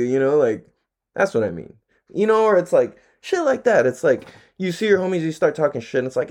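This young man runs his own podcast, filming himself at home as he talks in a relaxed, meandering monologue peppered with slang, cursing, and frequent laughs. His voice is on the high side, sing-song, a little fast, and darkish in tone.

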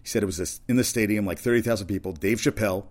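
A man's voice: lowish voice, rapid-fire, darkish tone. A man talks casually as a host. He rambles from one topic to the next, with restarts and asides along the way. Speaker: talk show host.

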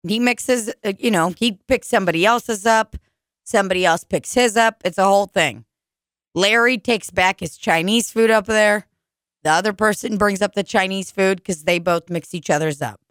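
A woman's voice: mid-range voice, moderate pace, a bit bright, dry recording, studio quality. A young woman hosting a podcast, chatting casually, swearing often and laughing as she rambles through stories. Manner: profane, laughing, rambling storyteller. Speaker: podcast host.

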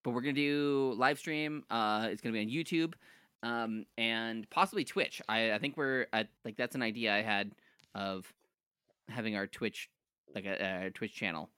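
Bright-voiced joking podcast host. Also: male voice, on the low side, moderate pace, clean tone, dry recording, clean studio sound. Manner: loose, joking, trails off and restarts. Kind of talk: casual chat over drinks.

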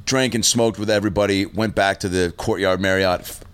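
A man, a stand-up comedian, telling a story in casual chat, swearing freely and loudly acting out the people he quotes. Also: deep voice, steady tone, brisk, clear, resonant tone.

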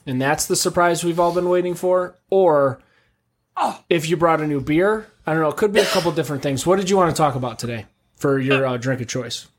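A man's voice: fairly high pitch, a little fast. A man hosting a casual podcast, rambling and swearing freely as he jokes with his co-hosts. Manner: rambling, profane, joking. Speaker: podcast host. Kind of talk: casual chat.

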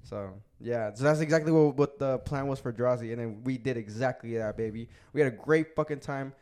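A man's voice: medium pitch, brisk, a little mellow, smooth. A young adult man hosting a casual podcast, telling a bar story in loose slang with lots of swearing. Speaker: podcast host. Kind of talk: casual chat.

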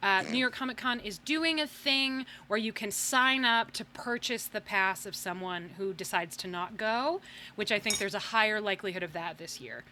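Bright-voiced chatty woman podcast host. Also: mid-range voice, moderate pace, slight background noise. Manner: chatty, laughing, self-deprecating. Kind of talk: casual podcast outro.

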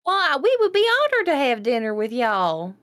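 Woman, tabletop player, high lively voice, dry sound. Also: moderate pace, no echo. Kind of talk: in-character tabletop play.

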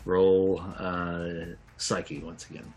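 A man narrating as game master for a tabletop game, unhurried and laughing often. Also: low voice, level tone, a little mellow.

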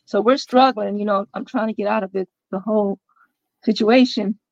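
A woman's voice: mid-range voice, fairly even intonation, normal speed, vocal fry, a little mellow, no room sound, highs cut off. A woman guest on a podcast, recounting her own story in a loose, conversational way with many fillers and quoted dialogue. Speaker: interview guest. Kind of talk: personal storytelling in a podcast interview.

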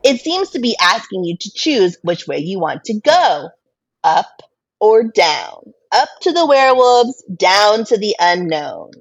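A woman reading a choose-your-own-adventure story aloud to a friend as game master, laughing often and jumping to high voices for quotes. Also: sing-song, measured pace, slightly rough. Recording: dull lo-fi podcast mic with faint noise.

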